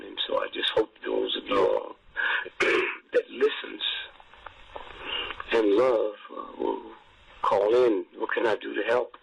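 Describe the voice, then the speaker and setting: Older man, folksy, preachy, repetitive, gravelly voice, slight background noise. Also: lowish voice, fairly bright tone, poor audio. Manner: folksy, preachy, repeats phrases. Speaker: guest on a call-in show. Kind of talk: casual call-in radio talk.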